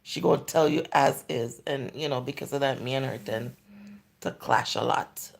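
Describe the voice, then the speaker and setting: A woman in her forties with a Jamaican accent hosts a casual livestream and reads out viewer comments. Her voice carries a heavy gravelly fry throughout, and she talks candidly, drifting into patois as she goes. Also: a bass voice, normal speed. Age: 40s. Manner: chatty and candid, slipping into patois. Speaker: livestream host. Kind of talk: casual live chat answering viewer comments.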